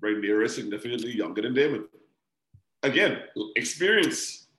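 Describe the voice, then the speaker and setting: Excitable man in a roomy space. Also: mid-range voice, moderate pace. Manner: excitable, slangy banter. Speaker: podcast co-host. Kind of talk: casual chat.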